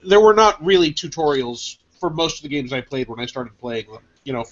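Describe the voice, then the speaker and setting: A man chatting casually on a podcast as a guest game designer, telling animated stories and acting out the conversations. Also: fairly high pitch, brisk, noisy background. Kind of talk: casual chat. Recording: muffled lo-fi podcast audio.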